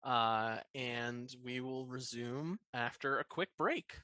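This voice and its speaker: A man narrating and running a tabletop role-playing game as dungeon master, relaxed and hesitant, with plenty of fillers. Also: mid-range voice, slow pace, no echo.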